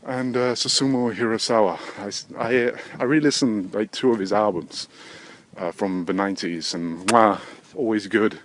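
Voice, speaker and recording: A man in his thirties hosting a rambling solo podcast, swearing constantly, drifting between low mutters and sudden loud outbursts. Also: moderate pace. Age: 30s. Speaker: podcast host. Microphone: desk microphone.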